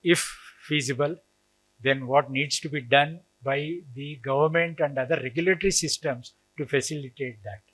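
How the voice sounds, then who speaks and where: A man's voice: fairly high pitch, normal speed, fairly bright tone, low-quality recording. A man moderating a conference panel, formal and deferential.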